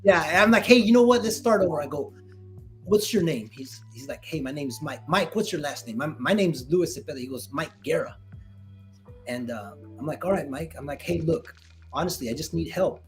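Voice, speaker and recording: A middle-aged man, a retired Marine, tells a story in an animated, casual way and acts out both sides of a conversation. His voice sits a bit high for a man. Faint music plays behind him. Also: normal speed. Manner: animated, acts out dialogue with restarts. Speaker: guest, retired Marine veteran.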